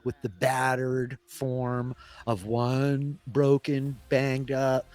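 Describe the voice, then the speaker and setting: A man's voice: medium pitch, level tone, extremely slow, darkish tone. A man narrating as Dungeon Master of a tabletop game, in a casual way full of filler words while he describes scenes.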